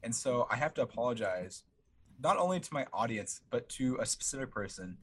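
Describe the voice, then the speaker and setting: A man's voice: mid-range voice, big pitch swings, brisk, fairly bright tone, breathy edge. A young man co-hosting a podcast in casual chat, rambling and self-mocking, stammering through restarts. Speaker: podcast co-host.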